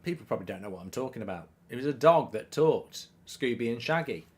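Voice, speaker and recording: A man with a mid-pitched voice hosts a live football watchalong stream. He sounds excitable and animated, bouncing between reactions to the match and comments from the chat, and often stammers and restarts mid-sentence. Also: fast talker.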